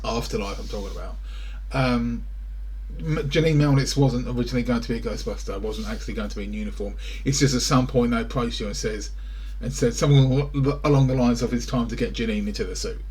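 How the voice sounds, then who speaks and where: A man's voice: mid-range voice, quick pace, a little mellow, breathy edge. A British man rambling through a casual reaction to film trailers, full of wry asides, recorded indoors in front of a greenscreen.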